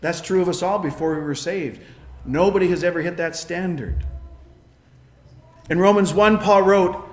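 A man preaching a sermon, emphatic, swinging between loud declarations and quiet asides. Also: sits high, animated, moderate pace, echoey room. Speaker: pastor.

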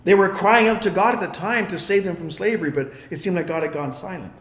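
A man with a high voice delivers a sermon, telling the story in a lively way and slipping into the characters' voices. The sound is roomy, with a clear echo around him. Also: quick pace. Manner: storytelling, acting out the characters' lines. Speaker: preacher.

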